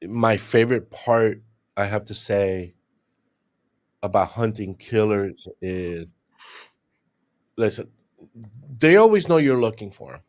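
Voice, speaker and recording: Middle-aged male guest, retired homicide detective; low register, lively storyteller. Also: takes it slowly, long pauses. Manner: animated storyteller, acts out what others said. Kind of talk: casual interview talk.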